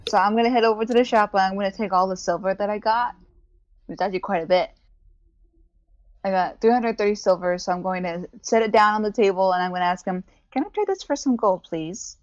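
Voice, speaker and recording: A woman's voice: medium pitch, fairly even intonation, fast talker, dry recording. Woman, tabletop game player, casual, rambling, dull lo-fi sound, dry.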